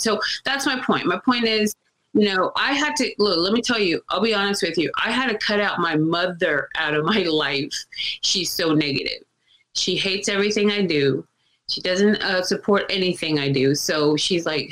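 Animated woman chatting as a podcast host. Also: mid-range voice, normal speed, low-quality recording. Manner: animated storytelling, acts out quoted people; emphatic, repeats points. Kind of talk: casual chat.

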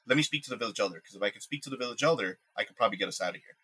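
A man's voice: fairly low pitch, expressive, racing, bright, forceful tone, full character voice, low-quality recording. A man putting on a boastful, scheming werewolf brother. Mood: persuasive. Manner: boastful, smooth-talking. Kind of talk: casual retelling with quoted voices.

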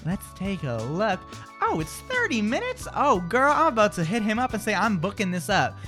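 A man co-hosting a live morning radio show, chatting in an animated, jokey and self-deprecating way. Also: high voice, moderate pace, soft background music.

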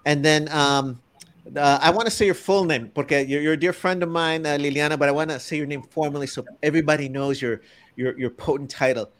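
A man's voice: a little high, fairly even intonation, fairly quick. A man hosting a conversational interview, enthusiastic, mixing Spanish words into his English. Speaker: host.

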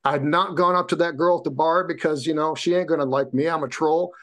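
As a podcast guest, this man shares a personal story casually, cursing freely and playing out other people's lines with animation. His voice sits a little high, and he talks briskly.

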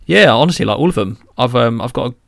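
A man's voice: mid-range voice, expressive, quick pace, gravelly, no room sound. A British man co-hosting a podcast, chatting in a rambling, filler-heavy way and bantering with his friend. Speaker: podcast co-host. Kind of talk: casual chat.

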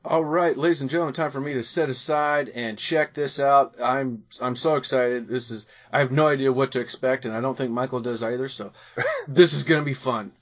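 A man's voice: medium pitch, a little fast, a bit bright. A man hosting a podcast, chatting in an upbeat, rambling way and introducing his guest. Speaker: podcast host. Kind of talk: casual podcast chat. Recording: dull lo-fi sound.

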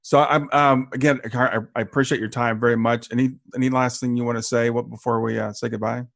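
A man's voice: mid-range voice, flat delivery, fairly quick, gravelly, no room sound. Male host on a video call, appreciative and stammering, dry close sound. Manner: warm, appreciative, stammering restarts. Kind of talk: interview wrap-up.

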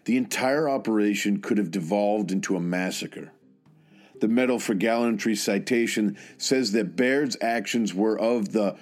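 A man narrating a tribute in an earnest, measured and solemn way, with some hesitant asides. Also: lowish voice, darkish tone. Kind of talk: scripted narration.

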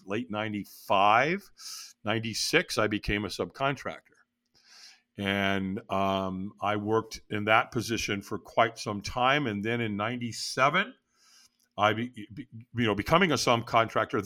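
Middle-aged man, bright and clear, lively guest storyteller who jumps into his own quoted lines. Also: moderate pace. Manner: animated, acts out his own past lines with jumps in pitch. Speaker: podcast guest. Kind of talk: storytelling interview.

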